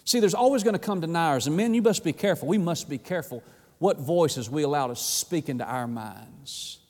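High-voiced preacher man in a reverberant hall. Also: expressive, brisk. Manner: dynamic preaching with sudden drops to a low hush. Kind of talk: sermon. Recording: echoey with long reverb.

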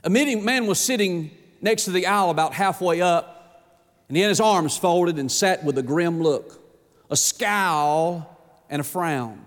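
A pastor preaching a folksy sermon that rises to shouting on its key points. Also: male voice, high voice, unhurried. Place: church sanctuary. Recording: long church reverb.

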